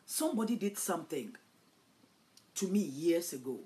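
A woman preacher giving a dramatic sermon, swinging from hushed storytelling to loud declarations. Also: on the low side, sing-song, normal speed.

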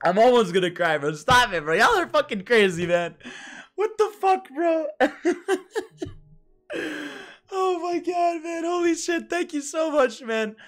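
A live game streamer chatting with viewers, excitable and profane, often shouting in disbelief. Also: sits high, a little slow, soft background music. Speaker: livestreamer. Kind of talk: live gaming stream chat.

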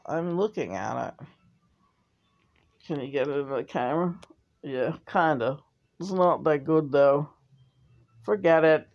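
A woman's voice: deep voice, darkish tone, dull audio. A woman vlogger in casual chat, talkative, often laughing and swearing freely.

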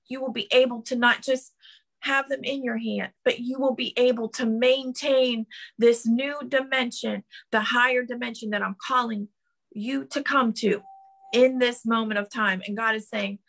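A woman's voice: a little high, steady tone, moderate pace, creaky, fairly bright tone. A middle-aged woman preaching a sermon in fervent, repeated declarations, often restarting her phrases. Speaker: prophetess preaching.

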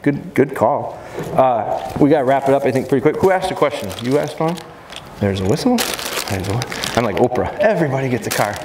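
A male dog trainer giving a live seminar talk in an animated, jokey, hands-on way. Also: mid-range voice, normal speed. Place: expo seminar hall. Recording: echoey hall, faint background noise.

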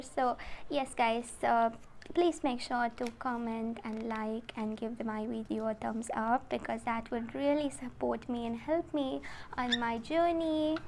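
A woman's voice: a little high, slight background noise. Emotional woman doing a tarot reading. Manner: soft, emotional, addresses viewers directly. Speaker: tarot reader.

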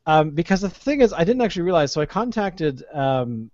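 A man, hosting a casual podcast chat and telling an animated, ranting story with plenty of swearing. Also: fairly high pitch, brisk. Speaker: podcast host. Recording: dull lo-fi podcast audio.

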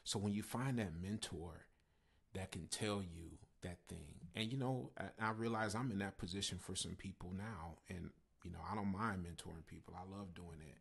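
Male pastor, low husky voice, loose storytelling with fillers. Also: moderate pace. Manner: conversational, with fillers and repeated phrases. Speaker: pastor and musician. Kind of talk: personal storytelling talk.

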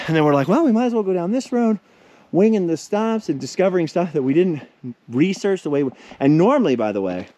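A man's voice: on the high side, a little mellow, dull audio. A middle-aged man, out of breath, chatting in a rambling vlog while hiking outdoors at old ruins. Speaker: vlogger. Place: outdoors at a desert mine ruin.

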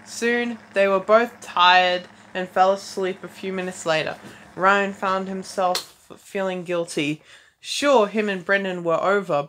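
In a mid-range, slightly bright voice, a teenage girl reads fanfiction aloud in a casual way, faltering and starting over, with wry commentary between passages. The audio is poor and has faint background noise.

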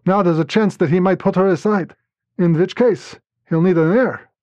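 Male reader playing a fond young Russian count's son, hurried and teasing, in a storybook reading; dull, dry audio. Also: high voice, a little mellow, dry recording, lightly acted. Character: young Russian nobleman's son, eager and affectionate.

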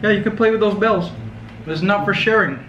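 A man vlogging casually, playful and laughing often, cooing softly to his pet bird at home. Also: sits high, a little fast, lo-fi sound, a little hiss or hum. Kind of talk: casual vlog chat. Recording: roomy echo with music behind.

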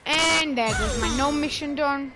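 Loud high woman swearing while gaming. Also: over loud music. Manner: loud, swearing, quick to shout. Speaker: gamer co-playing. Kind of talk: casual gaming chat. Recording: loud background noise.

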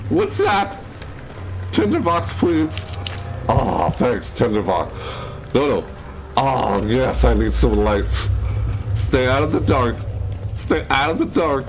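Young male let's-play host, nervous horror commentary, lively pitch, unhurried delivery, noisy background. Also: vocal fry. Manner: jittery, scared, talks to himself; jumps into high yelps when startled. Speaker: gaming YouTuber. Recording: steady background noise.

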